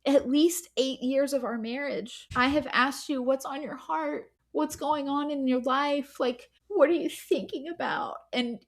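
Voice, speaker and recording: A woman with a high voice co-hosts a podcast in casual conversation. She tells her story in a chatty way, full of "like" and "you know" and often laughing. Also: a little slow, hardly any pauses. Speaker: podcast co-host.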